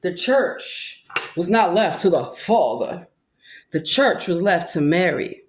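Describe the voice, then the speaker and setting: Taking her time, a Black woman with a fairly low, lively-intoned voice preaches a confrontational, impassioned monologue aimed at her accusers, naming herself a preacher. She breaks into gospel singing amid roomy echo and music.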